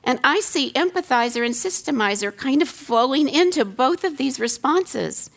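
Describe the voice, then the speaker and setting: Earnest woman teaching, slightly gravelly voice. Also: sits high, lively intonation, normal speed, fairly bright tone. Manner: earnest, rhetorical questions, emphatic repeats. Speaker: seminary teacher giving a talk. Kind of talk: teaching talk on scripture.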